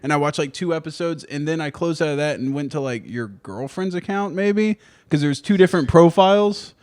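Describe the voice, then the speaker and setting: A man's voice: a little high, brisk, darkish tone, no room sound. A man in his thirties hosting a casual podcast chat, telling rambling, joking stories. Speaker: podcast host.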